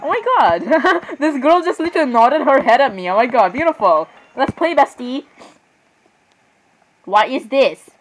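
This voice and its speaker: Young female gamer, chatty and excitable, slightly high voice, casual play-by-play. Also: moderate pace, soft background music, poor audio. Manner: chatty, excitable, keeps saying "I'm sorry" and "literally". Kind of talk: casual gameplay commentary.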